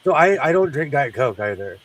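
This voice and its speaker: A man's voice: medium pitch, sing-song, brisk, distant mic, poor audio. Chatty congested man hosting a sewing stream. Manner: rambling, chatty, laughs often. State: congested, sinus trouble. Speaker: host of a sewing livestream. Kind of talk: casual chat while sewing.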